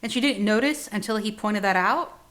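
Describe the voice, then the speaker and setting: A woman gives reaction commentary in a dry, sardonic way. Her voice sits at an ordinary middle pitch and stays level and unimpressed. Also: a little fast, a bit bright.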